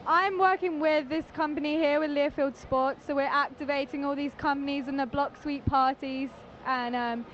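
A woman's voice: high-pitched, steady tone, normal speed, fairly bright tone, muffled recording, slight background noise. A woman in her twenties with an English accent, chatting cheerfully as she is interviewed outdoors. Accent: English, Cambridge area. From England. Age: 20s. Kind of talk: casual chat. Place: outdoors at a crowded event.

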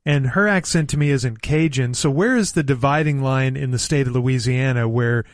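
A man's voice: mid-range voice, moderate pace, no room sound, studio quality. A man co-hosting a radio show, asking questions in a curious, casual way. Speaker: radio co-host.

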